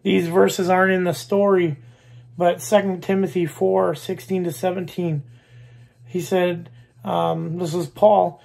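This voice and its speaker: A man preaching a sermon, slow and emphatic, repeating key phrases. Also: high-pitched, flat delivery, gravelly, a little mellow. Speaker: pastor.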